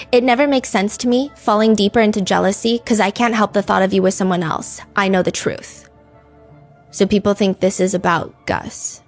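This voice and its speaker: Chatty woman hosting true crime. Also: medium pitch. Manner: chatty, lots of "like" fillers, reads lyrics aloud. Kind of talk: casual true crime commentary.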